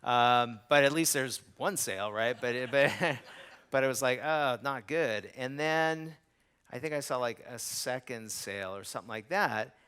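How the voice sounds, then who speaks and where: Middle-aged male speaker, bright forceful tone, animated storyteller who acts out the voices of others. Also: mid-range voice, unhurried, clear, resonant tone. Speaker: speaker at a business event. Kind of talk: storytelling talk to a live audience.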